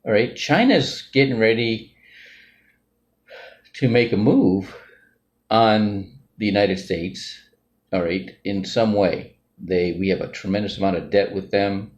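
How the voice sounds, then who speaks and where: Speaking a little slowly in a lowish voice, a man from a financial group rambles through his opinions in a casual, unscripted way. "Right?" and "all right?" end many of his sentences.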